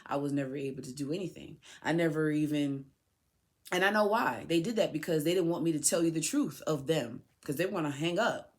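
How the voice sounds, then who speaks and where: A woman's voice: deep voice, fairly quick, darkish tone. A woman speaking in an emotional personal monologue to her son, aggrieved and pleading, repeating herself for emphasis. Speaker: podcast host, mother addressing her son.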